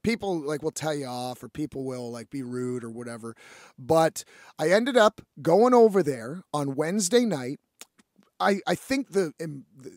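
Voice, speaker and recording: A man on his podcast tells a story in a high, lively voice that swings wide as he acts out each line. His tone is gravelly and rough, and his talk is loose and full of swearing. The recording is dry and close. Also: no echo. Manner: profane, animated, acts out quoted voices. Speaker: podcast host. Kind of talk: casual storytelling.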